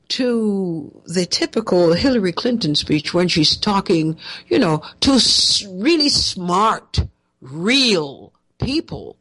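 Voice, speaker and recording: A woman's voice: medium pitch, fairly bright tone, breathy edge. A woman hosting a talk show, giving sarcastic, mocking political commentary.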